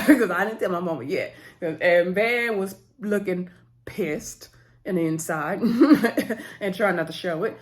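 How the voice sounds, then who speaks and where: A woman's voice: medium pitch, measured pace. Chatty woman recapping a reality show. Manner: chatty, retells scenes by voicing the cast, many fillers and laughs. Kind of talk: casual recap with acted-out quotes.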